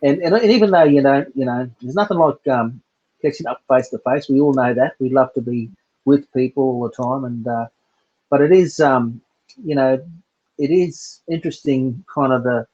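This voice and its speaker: An Australian man with a husky voice chats in a hesitant, halting way and fills his pauses with uhs. His voice comes through dull lo-fi call audio. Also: mid-range voice, a little mellow. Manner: hesitant, with many uhs and restarts. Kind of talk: casual chat.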